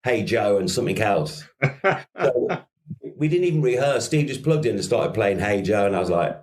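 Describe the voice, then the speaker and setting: A middle-aged man from Merseyside speaks with a Scouse accent and a fairly low voice. He is a musician guest on a podcast, telling long anecdotes loosely, laughing often and swearing casually. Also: lively intonation, normal speed, a little mellow. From Merseyside, England. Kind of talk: podcast interview.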